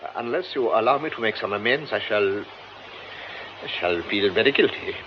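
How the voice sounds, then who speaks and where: An actor playing a formal gentleman who speaks hesitantly but insistently in a radio drama. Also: on the low side, lively intonation, normal speed, muffled recording, background noise, natural voice.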